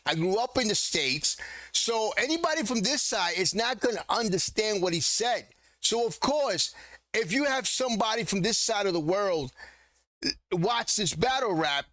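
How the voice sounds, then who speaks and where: A man's voice: sits high, expressive, normal speed, fairly bright tone, no room sound. A man from the Caribbean hosting a reaction video, chatting casually and puzzling aloud over lines he can't follow. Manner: chatty, repeats himself, puzzles over what he hears. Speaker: reaction channel host.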